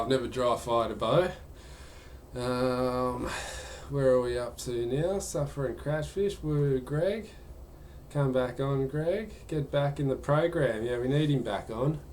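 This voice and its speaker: A man's voice: medium pitch, darkish tone, slight background noise. A man chatting casually during a live gaming stream, answering viewer questions in a rambling way.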